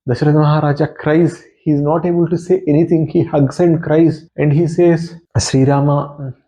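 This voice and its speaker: A man's voice: fairly high pitch, flat delivery, moderate pace, mellow. Earnest man retelling an epic. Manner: earnest and explanatory, often addresses the listener. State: voice wearing thin. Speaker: devotional scripture reader. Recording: dull lo-fi recording.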